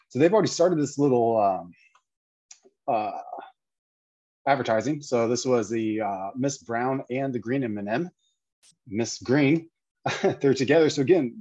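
A man's voice: medium pitch, a little mellow, breathy edge, no room sound, muffled recording. A man giving an indignant, lecturing commentary full of rhetorical questions. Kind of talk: opinionated commentary video.

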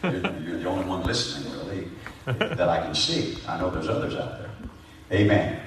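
A man preaching a sermon as pastor, stressing points with repetition and shouted emphasis, heard in a church through the pulpit mic. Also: deep voice, lively intonation, normal speed, a little hiss or hum. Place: church sanctuary. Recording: very echoey room, voice from a distance.

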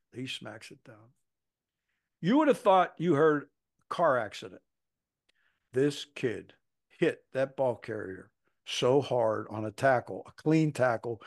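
A man in his seventies who coaches football tells a story on a podcast, acting out the quoted voices with salty language. His voice is mid-range with a darkish tone.

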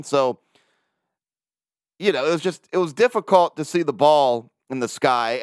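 A man's voice: fairly high pitch, clean tone, no room sound, studio quality. A man hosting his own sports podcast, talking casually and ranting with plenty of swearing and laughter. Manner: profane, ranting, laughs often. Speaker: podcast host. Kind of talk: casual solo sports talk.

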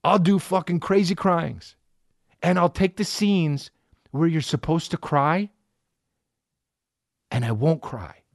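A man's voice: fairly high pitch, slow pace, long pauses, no room sound, clean studio sound. A man on a comedic rant, profane and rambling, swinging his delivery up and down as he riffs.

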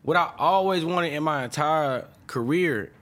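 A man's voice: on the high side, measured pace, a bit bright. A young adult man, a music producer, talking casually and emotionally in an interview, full of slang fillers and restarts. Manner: rambling, emotional, peppers speech with slang fillers.

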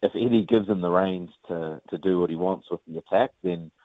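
A man with a New Zealand accent, a rugby player chatting casually in an interview, relaxed with lots of fillers. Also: low voice, brisk, no echo. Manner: relaxed, many fillers, says mate often. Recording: tinny phone line, dry.

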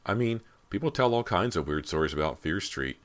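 A man's voice: low voice, lively intonation, a little fast, pitched above the performer's own voice. A man voicing a friendly, slightly nervous teenage neighbor girl in an audiobook, with a light, gossipy manner.

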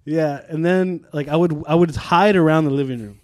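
A young man, a podcast co-host in casual chat, telling stories animatedly, acting out quotes loudly and laughing often. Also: on the high side, moderate pace, no echo. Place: podcast studio.

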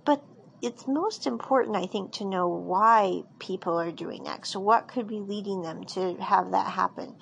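A woman's voice: mid-range voice, a little slow, gravelly, highs cut off, slight background noise. A woman casually recapping a drama episode, rambling with frequent fillers and restarts.

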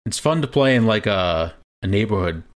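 A man's voice: fairly low pitch, animated, moderate pace. A young man co-hosting a podcast, chatting casually and rambling a little with restarts. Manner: laid-back, rambling with restarts. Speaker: podcast co-host. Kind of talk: casual chat.

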